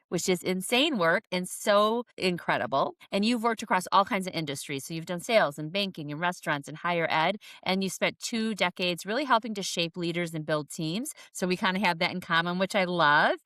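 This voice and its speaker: A woman's voice: fairly low pitch, moderate pace, hardly any pauses, a bit bright, no room sound, studio quality. A woman hosting a podcast interview, enthusiastic and gushing as she introduces her guest. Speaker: podcast host.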